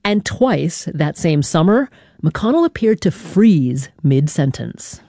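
Low-voiced woman hosting public radio. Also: sing-song, dark tone, no echo, studio quality. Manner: measured, deliberate delivery with dramatic pauses. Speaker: radio show host. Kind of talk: scripted public radio narration.

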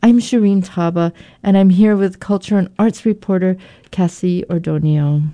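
A woman's voice: on the low side, moderate pace, warm tone. A woman hosting a public radio pledge drive in a studio, chatty and upbeat, with a few fillers as she gives the number.

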